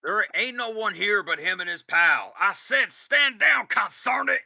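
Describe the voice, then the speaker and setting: A man's voice: high voice, very animated, normal speed, gravelly, background noise, pitched above the performer's own voice, exaggerated voice. A man putting on a blustering old-time outlaw boss. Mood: commanding. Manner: old-timey rural drawl, "ain't" and "consarn it". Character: gruff folksy outlaw boss, man, bossy and flustered.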